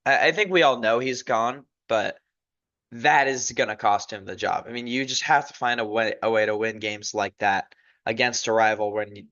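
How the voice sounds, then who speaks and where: A man's voice: on the low side, fairly bright tone. Rambling man recapping football, lo-fi. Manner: rambling, self-correcting, opinionated. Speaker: sports podcast host. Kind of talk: casual sports recap commentary. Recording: dull lo-fi recording.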